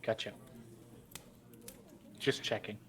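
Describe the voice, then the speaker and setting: A man playing a tabletop game on stream, soft-spoken and hesitant. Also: takes it slowly. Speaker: player.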